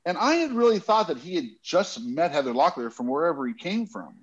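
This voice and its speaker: A man telling a casual, rambling anecdote in an animated way, often restarting his sentences. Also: fairly high pitch, fairly quick, dull audio. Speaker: guest telling a story.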